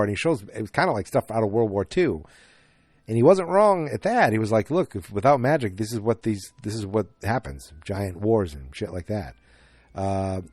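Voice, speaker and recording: A man's voice: on the low side, darkish tone, no room sound. A man hosting a podcast, casually recapping a film in a rambling way with lots of fillers and restarts. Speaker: podcast host.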